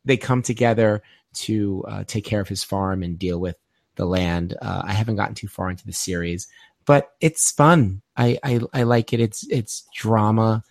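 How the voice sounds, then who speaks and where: A man's voice: on the low side, moderate pace, gravelly, dry recording. A young man co-hosting a podcast in casual chat, dry and sarcastic as he teases his co-hosts. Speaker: podcast co-host.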